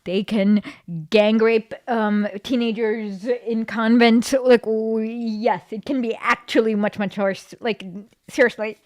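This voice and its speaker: A woman's voice: fairly high pitch, fairly even intonation, slow, a little mellow, no room sound, clean studio sound. A woman host giving blunt, sarcastic reaction commentary with many fillers.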